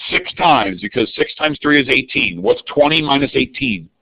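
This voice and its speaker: A man's voice: mid-range voice, lively intonation, normal speed, gravelly. A man teaching a live online algebra review lesson, calling on students by name in an upbeat way. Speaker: math teacher. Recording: dull lo-fi dry sound.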